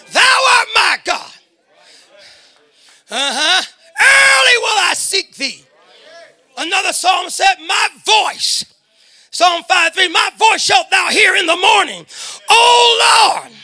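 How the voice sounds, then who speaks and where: A man preaching a fervent sermon to a congregation in a church, shouting his words and breaking into hallelujahs and amens. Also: very high voice, very animated, slow, long pauses, soft background music, a faint crowd. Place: church sanctuary before a congregation.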